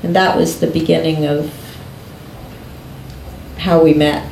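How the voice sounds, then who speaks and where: A woman telling a personal story in conversation, unhurried and often breaking into laughter. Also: sits low, little pitch movement, vocal fry, a little mellow, a little hiss or hum. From United States. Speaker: guest recounting a personal story. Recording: echoey room.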